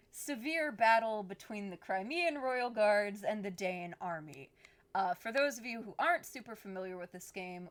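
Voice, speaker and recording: A woman's voice: on the high side, fairly bright tone. Chatty woman hosting a game stream. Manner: chatty, laughs often, explains the game to viewers. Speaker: streamer host. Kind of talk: casual live-stream chat while gaming.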